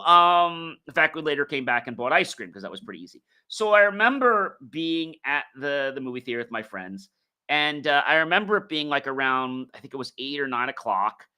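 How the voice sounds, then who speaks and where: A man's voice: medium pitch, animated, normal speed, bright, forceful tone, smooth. A man hosting a podcast, telling a personal story in a casual, rambling way with many fillers and restarts. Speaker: podcast host.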